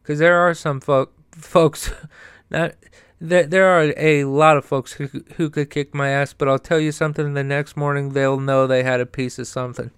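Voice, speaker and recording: A man's voice: on the high side, level tone, moderate pace, clear, resonant tone, dry recording, clean studio sound. Heated stuttering man ranting. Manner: profane and heated, repeats words while getting started. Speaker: podcast host. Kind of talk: angry political rant.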